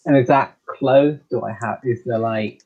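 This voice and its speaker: Husky-voiced man on a dull mic. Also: medium pitch, a little slow. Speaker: player. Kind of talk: casual chat.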